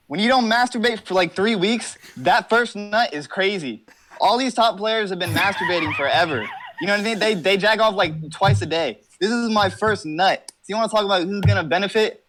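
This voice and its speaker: A young man with a fairly high voice rambles through a casual interview from his car. He jokes and brags and swears constantly. He comes across as brash and over the top. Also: brisk, fairly bright tone, a little hiss or hum. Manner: brash, profane, rambling comic boasting. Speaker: interview guest.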